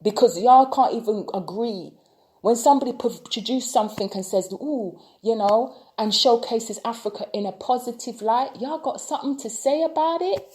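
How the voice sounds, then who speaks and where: A woman's voice: fairly high pitch, moderate pace, darkish tone, slight background noise. A woman vlogging an impassioned rant, full of repeated rhetorical questions. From United Kingdom. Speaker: tarot reader and vlogger. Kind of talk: opinion vlog rant.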